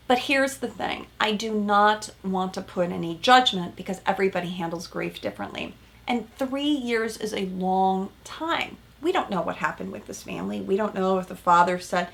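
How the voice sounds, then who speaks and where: Animated woman therapist recapping TV. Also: mid-range voice, moderate pace. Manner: animated, emphatic, with many "right?" asides. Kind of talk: casual commentary on a reality show.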